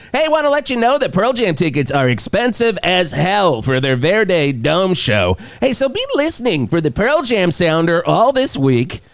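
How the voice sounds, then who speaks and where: A man's voice: fairly high pitch, no echo, full character voice. An actor playing a goofy male morning rock radio DJ who jokes around and plugs the station. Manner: jokey, trades quips, plugs station. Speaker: radio DJ co-host. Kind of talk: improvised comedy radio banter.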